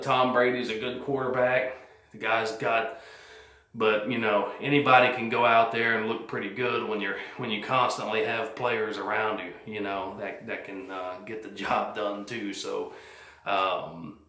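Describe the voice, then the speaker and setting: A man's voice: lowish voice, fairly even intonation, measured pace, bright, forceful tone, reverberant. A man vlogging his post-game thoughts on his team, rambling and plain-spoken with many fillers. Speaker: sports fan vlogger. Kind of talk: casual post-game commentary. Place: cold house, indoors.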